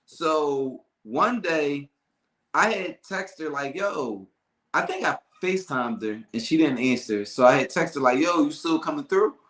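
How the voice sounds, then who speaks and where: A man hosting a casual talk show, telling stories with lively acted-out dialogue. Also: fairly high pitch, unhurried, reverberant. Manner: animated storyteller, acts out calm and angry callers. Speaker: podcast host. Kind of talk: casual storytelling chat.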